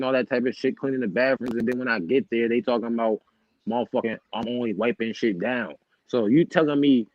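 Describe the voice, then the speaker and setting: A man's voice: mid-range voice, no echo. A young man, telling a story about his boss in casual, profane chat and acting out the heated exchange. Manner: profane, animated storytelling with quoted outbursts. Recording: dull, lo-fi sound.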